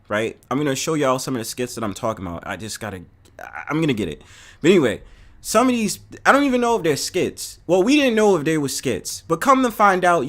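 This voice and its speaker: A man from New City, hosting a live stream and ranting casually to his chat viewers, profane and animated. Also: fairly high pitch. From New York City. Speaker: host.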